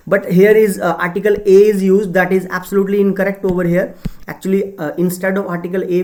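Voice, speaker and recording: A man's voice: high-pitched, darkish tone. A male teacher giving an exam-prep grammar lesson, talking with many fillers and frequent tag questions. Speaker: English teacher.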